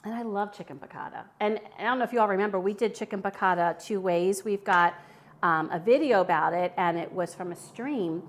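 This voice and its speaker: Woman host. Middle pitch. Casual and chatty, cooking at home for a live audience. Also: brisk, a little hiss or hum. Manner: chatty, friendly, answers viewer chat while cooking. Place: home kitchen.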